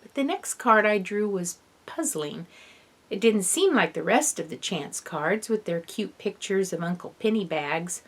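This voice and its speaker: A woman reading a first-person children's novel aloud in an expressive storybook narration. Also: mid-range voice, unhurried. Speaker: audiobook reader.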